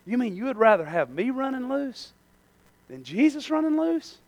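A man's voice: extremely high pitch, sing-song, normal speed, pitched above the performer's own voice. A man voicing a scoffing criminal prisoner who is incredulous at being set free. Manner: incredulous, mocking.

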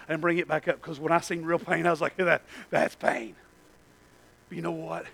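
A man, preaching a sermon in a church and telling a personal story that swings from hushed to shouting. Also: on the high side, level tone, racing, vocal fry, low-quality recording. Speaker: pastor.

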